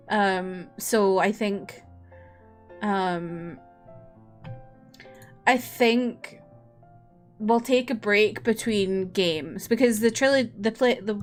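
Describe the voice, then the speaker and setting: Slow-talking tired young woman streamer. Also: medium pitch. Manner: rambling, chatty, laughs often. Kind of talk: casual stream chat.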